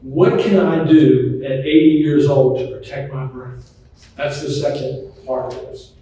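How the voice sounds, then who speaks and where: A middle-aged man, a memory doctor giving a folksy, anecdotal talk to an audience, often pausing on ums. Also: medium pitch, fairly even intonation, warm tone. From Charlotte, North Carolina. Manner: chatty, anecdotal, hesitant with many ums. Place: large echoey hall, voice from some distance. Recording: echoey hall, mic at a distance.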